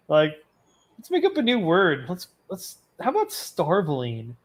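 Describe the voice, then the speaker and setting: A woman's voice: lowish voice, huge pitch swings, measured pace, husky. A woman hosting a casual game playthrough, giggly, self-mocking and chatty. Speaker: host. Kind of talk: casual let's play commentary.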